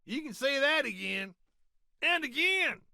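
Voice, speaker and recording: An actor playing a boisterous older gambler animal in a game, drawling. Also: male voice, extremely high pitch, big pitch swings, unhurried, vocal fry, sharp tone, dry recording, studio quality, heavily acted. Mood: jovial.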